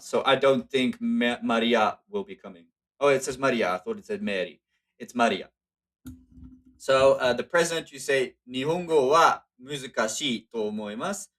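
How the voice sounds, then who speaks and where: A man walks through a language lesson in a loose, conversational way. He is even in pitch, stops to correct himself, and fills his pauses with "uh" and "um". It sounds like an informal tutorial. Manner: relaxed, explaining with frequent fillers and self-corrections. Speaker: Japanese language teacher. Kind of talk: casual spoken lesson walkthrough.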